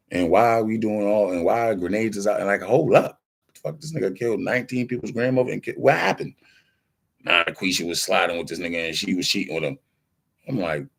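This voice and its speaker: A man's voice: low-pitched, creaky, husky. A man hosting a casual livestream who rants insistently in streetwise slang and acts out the exchanges he retells. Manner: streetwise slang-heavy storytelling, acting out quoted exchanges; insistent, defensive. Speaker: livestream host.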